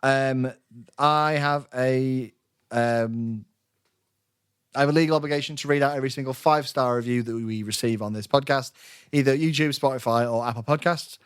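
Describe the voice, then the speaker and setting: A man's voice: medium pitch, fairly even intonation, moderate pace, clear, resonant tone. Male podcast host, casual and rambling, acts out quotes as he goes. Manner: rambling storyteller, acts out own lines. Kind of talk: casual chat.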